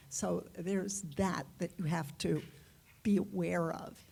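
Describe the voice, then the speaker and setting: Slow, reflective woman being interviewed. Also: fairly low pitch, steady tone, gravelly, a little mellow, husky. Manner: unhurried, reflective, halting with fillers and light laughs. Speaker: guest author and researcher. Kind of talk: conversational interview answer.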